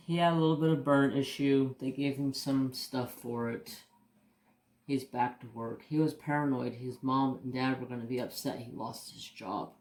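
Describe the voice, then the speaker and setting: A man chats and tells stories while he crafts, rambling and candid, with a bit of swearing and plenty of restarts. His voice sits at a middling pitch. The room around him rings with a noticeable echo. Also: steady tone, normal speed, darkish tone. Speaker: crafting channel host. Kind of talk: casual storytelling chat while crafting. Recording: roomy echo.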